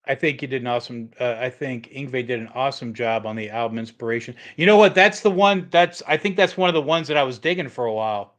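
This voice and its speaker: A man's voice: medium pitch, fast talker, hardly any pauses, fairly bright tone. Rambling middle-aged man hosting a livestream. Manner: rambling, full of fillers and restarts. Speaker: livestream host, guitar tech. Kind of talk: casual livestream chat.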